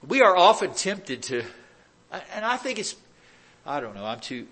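A man works through a scripture passage in a relaxed, talky sermon. His voice sits a bit higher than most men's, and he keeps tossing rhetorical questions and dry, sarcastic asides to the congregation. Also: unhurried, breathy edge. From United States. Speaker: preacher. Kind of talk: expository sermon.

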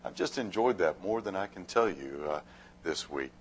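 A man speaking as a visiting preacher, giving a sermon in a gracious, unhurried way with halting pauses. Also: low voice, lively intonation, slight background noise. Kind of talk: sermon with a warm-up story.

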